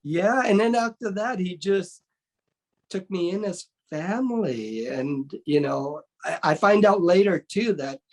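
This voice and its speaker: A man, a martial arts instructor, telling stories casually in an interview and acting out remembered dialogue with lively energy. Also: sits high, a little slow. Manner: lively storyteller who acts out remembered dialogue.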